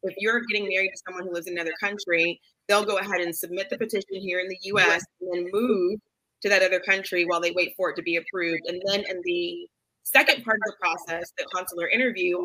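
A woman's voice: fairly low pitch, steady tone, fast, bright, forceful tone, no room sound, low-quality recording. A woman co-hosting a podcast, explaining things plainly and matter-of-factly in casual chat. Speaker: podcast co-host.

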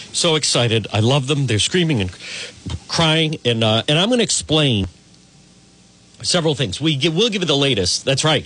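A man's voice: medium pitch, a bit bright, a little hiss or hum. A man hosting a morning radio talk show, boisterous and exuberant, greeting listeners by name.

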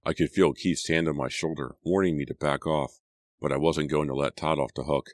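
A man narrating an audiobook in a steady, dramatic storytelling manner. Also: very deep voice, fairly quick, no room sound, studio quality. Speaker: audiobook reader.

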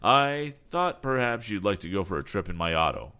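A man's voice: on the low side, sing-song, moderate pace, sharp tone, clean tone, exaggerated voice. A man reading an audiobook, voicing a polite, persuasive male business agent. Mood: coaxing. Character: smooth persuasive middle-aged male agent.

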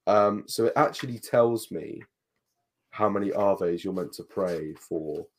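Man, low voice, chatty co-host, emphatic advice-giver. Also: unhurried. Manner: thoughtful, reads aloud from books, emphatic advice. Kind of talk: casual chat.

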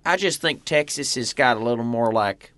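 A man's voice: mid-range voice, moderate pace, fairly bright tone, no room sound. A man from Oklahoma chatting casually, rambling and trailing off with lots of fillers. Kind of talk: casual chat.

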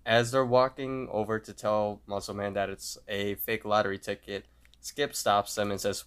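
This podcast co-host walks through a cartoon episode in casual fashion, loudly voicing the characters' quotes. His tone is clean and lowish, with little pitch movement and a moderate pace.

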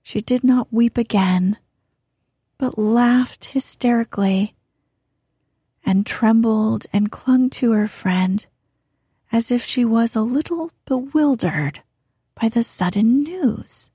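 A woman narrating a classic novel as an audiobook in a gentle, measured reading. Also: a little high, breathy edge, no echo, clean studio sound. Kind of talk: scripted narration.

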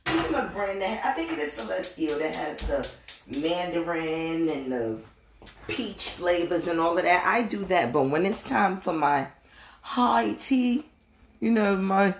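Mock-posh British tea lady, low-pitched and lilting, slow and deliberate as a woman puts her on. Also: roomy sound, slight background noise.

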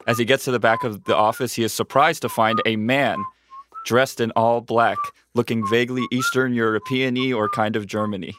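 A man's voice: mid-range voice, steady tone, normal speed, background noise. A man reading out a comedy parody script as narrator, playful and mock-dramatic, often laughing.

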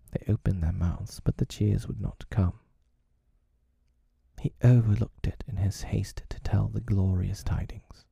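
A man reading a storybook in a hushed whispered role-play, close to the mic, slow and husky. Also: lowish voice, fairly even intonation, no echo.

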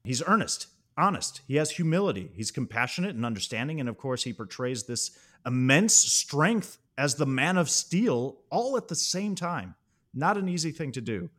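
A man's voice: medium pitch, big pitch swings, moderate pace, a bit bright. A man co-hosting a film podcast, recounting a scene in detail with open enthusiasm. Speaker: podcast co-host. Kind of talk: casual film discussion.

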